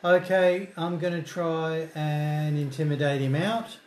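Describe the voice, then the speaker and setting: A man's voice: a little high, steady tone, unhurried, a little mellow. A man at a tabletop game, talking casually and blustering boldly in character. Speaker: player. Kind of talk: tabletop role-play. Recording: echoey room with faint noise.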